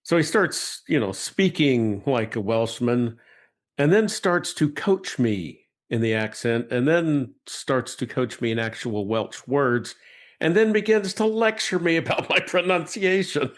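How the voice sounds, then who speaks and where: A man's voice: mid-range voice, expressive, measured pace. Affable male interview host. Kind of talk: casual interview talk.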